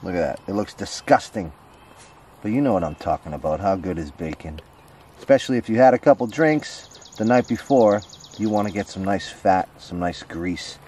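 A man's voice: low-pitched, expressive, moderate pace, a little mellow, a little hiss or hum. Joking Boston man vlogging outdoors. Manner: chatty, joking, addresses viewers as folks. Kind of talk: casual vlog to camera. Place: outdoors at a campground and archery range.

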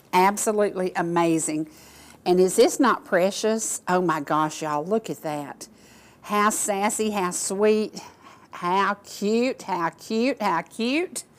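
An older woman hosts a local talk show, chatting straight to her viewers. Her talk is gushing and folksy, full of homey asides. Her pitch sits in an ordinary middle range for a woman. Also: fairly bright tone. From Georgia, US. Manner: gushing, folksy, addresses audience as y'all. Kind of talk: casual chat to viewers.

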